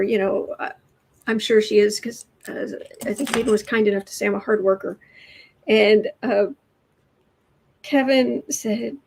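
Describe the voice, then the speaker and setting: A woman's voice: on the high side, darkish tone, rough recording. Chatty woman hosting a livestream. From United States. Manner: chatty, rambling, reads chat aloud. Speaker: tarot livestream host. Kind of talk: casual livestream chat.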